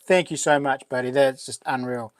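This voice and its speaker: A man's voice: mid-range voice, steady tone, normal speed, no echo. Kiwi streamer, male, chatty and friendly, mid-range voice, dead dry room. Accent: New Zealand. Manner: chatty, upbeat, many fillers, calls viewers buddy and mate. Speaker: livestream host. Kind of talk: casual chat greeting live chat.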